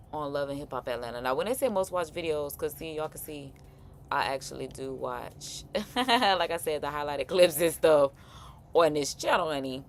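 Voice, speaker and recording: Chatty expressive woman, low voice. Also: vocal fry, slight background noise. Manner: chatty and expressive, slang-heavy, frequent laughs. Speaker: livestream reaction host. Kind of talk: casual reaction chat.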